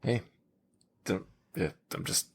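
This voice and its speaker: A man hosting a casual podcast trivia game, joking around and laughing often. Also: slow. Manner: jokey, laughs often, animated quizmaster delivery.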